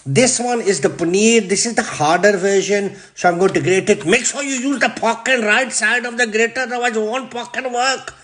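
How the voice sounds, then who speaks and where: A man with a Yorkshire accent hosting a comic cooking demonstration, brash and deadpan, swearing constantly as he talks through the steps. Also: high-pitched, normal speed, hardly any pauses. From Yorkshire, England. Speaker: cooking show host.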